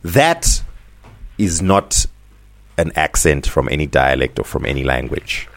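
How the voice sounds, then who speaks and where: A man from Zimbabwe co-hosting a podcast, ranting in a casual, animated way and laughing often. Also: a bass voice, measured pace. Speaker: podcast co-host.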